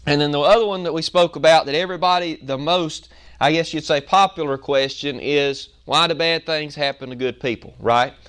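A man preaching a Sunday sermon in church, repeating and stressing key words with pauses for emphasis. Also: fairly high pitch, fairly even intonation, a bit bright, clear, resonant tone. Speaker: pastor. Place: church sanctuary.

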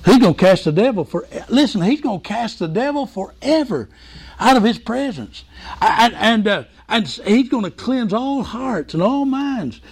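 A man preaching a sermon in a folksy, excitable way. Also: sits high, moderate pace, breathy edge. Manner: folksy, excitable preaching with repeated "hey, listen".

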